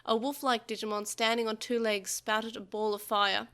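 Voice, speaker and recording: Brief: woman reading a novel aloud, expressive, a bit high and bright. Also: fairly quick, few pauses, clear, resonant tone. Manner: expressive, with small slips. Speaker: podcast host reading a novel.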